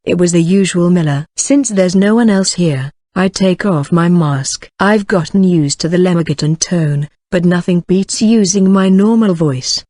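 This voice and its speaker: A text-to-speech voice reading a fantasy novel in first person, in an even, measured way. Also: medium pitch, dry recording, clean studio sound. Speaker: audiobook narrator.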